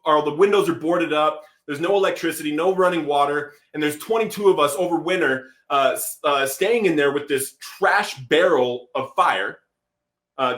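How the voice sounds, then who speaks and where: A man telling his life story as a podcast guest, animated, acting out quotes and saying "bro" a lot. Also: on the high side, echoey room. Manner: animated, acts out quotes, says "bro" often. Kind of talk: storytelling testimony.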